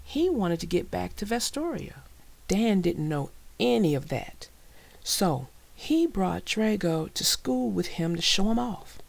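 A woman narrating a children's storybook with a slow, expressive delivery. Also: lowish voice, gravelly, no echo. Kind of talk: reading a children's book aloud.

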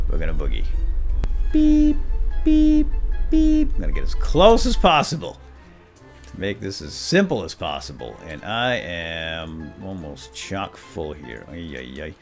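A man hosting a let's-play, chatting playfully to himself and his vehicle as he plays, with sudden excited yelps. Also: low-pitched. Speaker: gaming let's-play host. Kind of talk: playful gameplay commentary.

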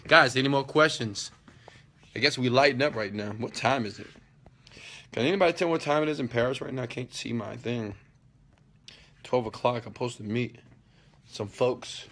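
A man's voice: medium pitch, animated, normal speed, a bit bright. A man hosting a casual live motivational talk, answering viewer questions in an emphatic, preachy way, firing off rhetorical questions and slangy asides. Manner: emphatic and preachy, often checks in with "okay?".

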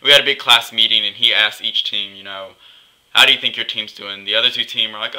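A man's voice: medium pitch, steady tone, fairly quick, bright, forceful tone, low-quality recording. A young man vlogging in a chatty, gossipy way, acting out what others said. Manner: chatty, gossipy, acts out quotes. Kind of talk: casual vlog rant.

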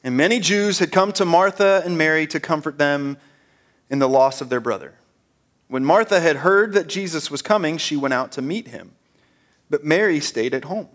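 A man's voice: on the high side, moderate pace, fairly bright tone. A male pastor giving an earnest, conversational sermon, often stammering and repeating his words.

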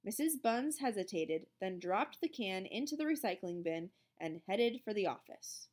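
Expressive woman teacher reading aloud. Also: medium pitch, measured pace. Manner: expressive, explanatory. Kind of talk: storybook read-aloud and lesson.

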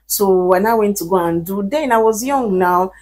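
A woman's voice: mid-range voice, normal speed, darkish tone. A woman vlogger talking straight to her viewers, giving earnest advice and pleading with emphasis. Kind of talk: casual advice talk to camera.

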